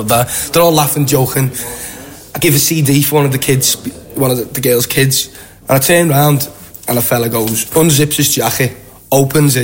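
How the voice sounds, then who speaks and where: Chatty Scouse man telling stories. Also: medium pitch. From Liverpool, England. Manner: chatty, animated anecdotes with acted-out quotes. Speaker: guest. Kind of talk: casual storytelling.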